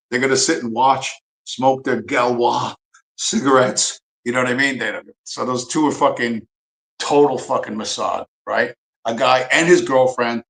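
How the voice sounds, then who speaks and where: A man's voice: mid-range voice, fairly bright tone. Profane rambling man in an echoey room. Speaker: livestream host. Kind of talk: casual ranting commentary.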